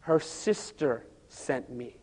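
A man voicing a sinister demon that speaks through a possessed woman, low and slow. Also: lively intonation, darkish tone, slightly rough. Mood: ominous. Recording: long hall reverb.

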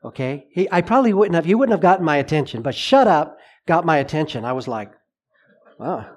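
A middle-aged man preaching a sermon, telling a personal story with lively acted-out dialogue. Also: fairly high pitch, fast. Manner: animated storyteller, acts out dialogue.

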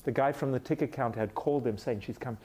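Middle-aged man, from Africa, sermon, lively storytelling, acts out quotes, medium pitch. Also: fast talker, breathy edge. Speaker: pastor.

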